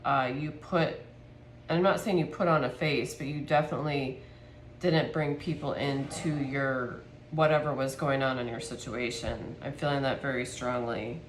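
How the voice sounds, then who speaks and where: Woman tarot reader, low voice, soft and heartfelt, roomy sound, faint background hiss. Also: fairly even intonation, moderate pace. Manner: soft, heartfelt, gets emotional. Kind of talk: spiritual tarot reading to camera.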